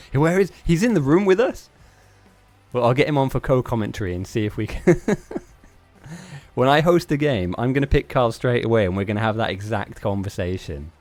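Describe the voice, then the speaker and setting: A man's voice: medium pitch, a little mellow, dry recording. A man hosting a live-streamed game tournament, chatting casually in a rambling, self-mocking way with frequent laughs.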